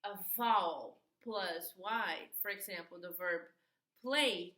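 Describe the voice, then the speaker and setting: A woman teaching an English grammar lesson, slow and patient, repeating key words, a native Portuguese speaker. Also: on the low side, fairly bright tone, echoey room.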